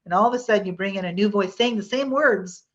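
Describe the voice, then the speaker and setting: A woman's voice: medium pitch, fast talker. A woman presenting a hypnosis workshop in a chatty, rambling way, with many fillers and restarts. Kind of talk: casual workshop teaching. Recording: dull lo-fi online workshop audio.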